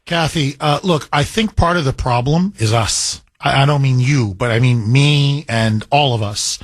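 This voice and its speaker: A man's voice: medium pitch, measured pace, no echo. A man hosting a call-in talk radio show, speaking in an emphatic, combative style and hammering his points through repetition.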